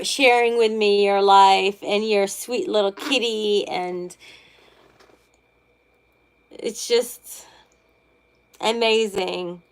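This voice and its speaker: A woman's voice: medium pitch, clean tone. A middle-aged woman reading tarot on a livestream and chatting casually with viewers, rambling and gushing with many restarts. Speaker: tarot reader, livestream host.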